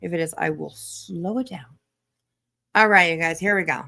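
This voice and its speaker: A woman's voice: lowish voice, normal speed, creaky, bright, forceful tone, dry recording. A woman hosting a casual live-stream commentary, chatty and sarcastic, thanking viewers by name. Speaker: commentary channel host. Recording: dry close mic, faint music.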